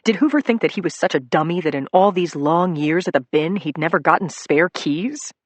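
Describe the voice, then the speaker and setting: Measured audiobook narrator, dry close sound. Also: medium pitch, no room sound. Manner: measured, dramatic storytelling.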